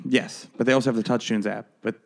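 Chatty man in mid pitch. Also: fairly even intonation, fast talker, creaky. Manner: chatty, rambling with fillers. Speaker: podcast co-host. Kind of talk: casual chat.

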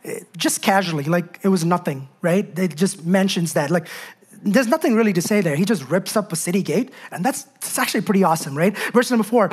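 A woman's voice: on the low side, lively intonation, a little fast, husky. A woman preaching a sermon in an emphatic, conversational way, full of rhetorical questions and asides.

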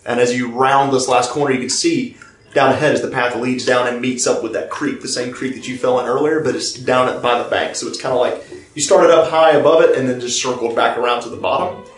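A man narrating as game master of a tabletop game, pausing and restarting as he describes scenes. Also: medium pitch, fairly even intonation. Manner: halting, many fillers and restarts while describing scenes. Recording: roomy, distant mic, faint music behind.

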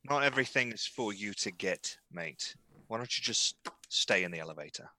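A man voicing his character in a whispered role-play, freaking out in a hushed, furious "mom whisper.". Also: a little high, big pitch swings, moderate pace, dry recording, heavily acted. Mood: menacing. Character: adult man, angry player character hissing threats.

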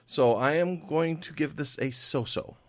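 A man's voice: a little high, a little slow, no echo. A man on a casual movie review panel who laughs a lot and restarts his sentences. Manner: laughs often, stammering restarts.

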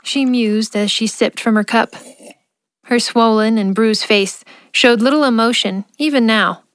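A woman's voice: on the high side, unhurried, no room sound. Woman narrating an audio drama. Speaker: narrator and ad host.

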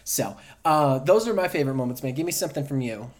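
A man co-hosting a casual podcast chat in an easygoing, measured way. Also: mid-range voice, lively intonation. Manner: easygoing, measured, with frequent fillers. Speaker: podcast co-host.

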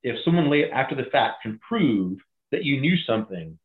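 A middle-aged man retelling a crisis story in an interview, animated and acting out the voices of others. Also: medium pitch, normal speed. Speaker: guest, former bank crisis manager. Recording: echoey, phone-like audio.

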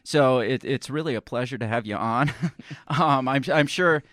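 A man's voice: medium pitch, normal speed, a bit bright, no echo, clean studio sound. A man hosting a podcast in a loose, joking way, chatting and laughing with a guest. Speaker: podcast host. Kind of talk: casual podcast chat.

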